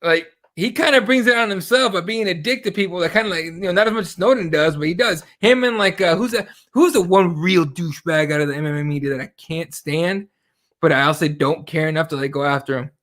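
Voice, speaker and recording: Male podcast co-host with a high voice, casual and profane, acts out stories. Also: fairly quick. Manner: profane, animated storytelling with quoted exchanges.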